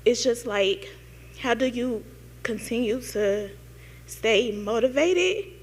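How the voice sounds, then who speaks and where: A young woman in the audience asking a long, halting question, full of fillers and near tears. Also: a little high, slightly rough, long reverb tail. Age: young adult. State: tearful. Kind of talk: emotional question at a panel event.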